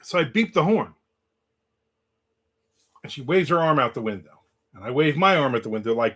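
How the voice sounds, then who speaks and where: This Southern livestream host pauses often as he tells a story and reads his viewers' comments in casual chat. His voice is mid-range, fairly bright and animated, at a moderate pace.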